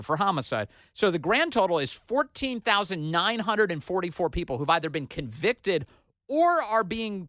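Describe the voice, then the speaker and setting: A man's voice: high-pitched, fairly bright tone, dry recording, clean studio sound. A man hosting a talk radio show, delivering an emphatic, sarcastic opinion monologue.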